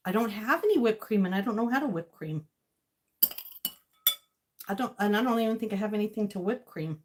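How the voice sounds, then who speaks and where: A woman's voice: medium pitch, expressive, brisk, a little hiss or hum. A woman vlogging as she cooks, rambling to herself and her viewers and laughing often. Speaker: cooking vlogger. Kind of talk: casual kitchen chatter to viewers. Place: home kitchen. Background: clinking dishes and cutlery.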